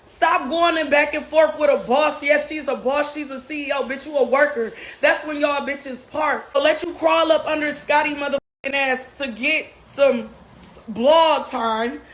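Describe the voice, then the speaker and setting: High-pitched woman firing off insults. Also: moderate pace, rough recording. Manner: insulting, dismissive, profane. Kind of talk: heated clapback rant.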